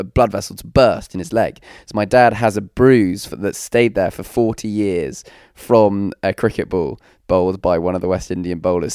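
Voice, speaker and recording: Smooth-voiced man in casual chat. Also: fairly low pitch, a little mellow, no room sound, clean studio sound. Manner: rambling, hesitant restarts. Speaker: podcast co-host.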